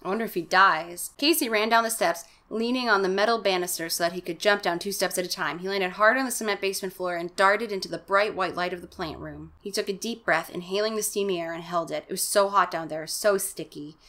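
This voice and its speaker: A young woman reads a children's horror story with theatrical flair, breaking off into sarcastic, profane commentary. She hams up the characters' lines in exaggerated put-on voices. Her voice is bright and tense. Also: medium pitch, fairly quick, few pauses. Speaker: host reading a children's horror book aloud. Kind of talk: comic dramatic reading with asides.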